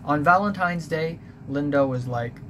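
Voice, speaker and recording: A man's voice: on the high side, measured pace. Rambling young man, noisy room. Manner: rambling, confessional, many fillers and restarts. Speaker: vlogger. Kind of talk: personal storytelling monologue. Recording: clear background noise.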